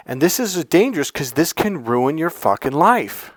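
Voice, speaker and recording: A man's voice: a little high, animated, moderate pace, no echo. Brash male dating coach, swears freely, mimics people to mock them, dry close sound. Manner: blunt and profane, mocks others with put-on voices. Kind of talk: casual advice monologue.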